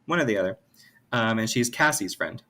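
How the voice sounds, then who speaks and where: A man's voice: fairly low pitch, a little fast. A man co-hosting a podcast, chatting casually about a book and reacting expressively. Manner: expressive, reacts with short remarks and laughs. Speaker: podcast co-host. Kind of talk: casual chat recapping a book.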